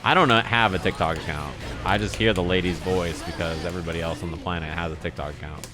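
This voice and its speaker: A man's voice: deep voice, steady tone, fast, over music. A man rambling and swearing casually to his chat while playing a fighting game live. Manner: profane, rambling, exasperated. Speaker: streamer.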